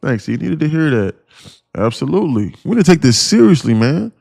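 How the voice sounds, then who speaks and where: A man's voice: on the high side, very animated, fairly quick, creaky, darkish tone, no echo. A man streaming live as a day trading mentor, talking in a rambling, profane, casual way with lots of fillers. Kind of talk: casual livestream chat.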